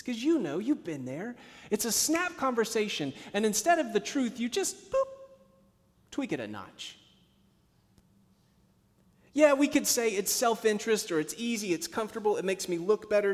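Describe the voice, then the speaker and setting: A man preaching a sermon as a pastor, telling stories and moving from hushed, low passages to emphatic ones. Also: very animated, normal speed. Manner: storytelling, swings from hushed to emphatic. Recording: long hall reverb.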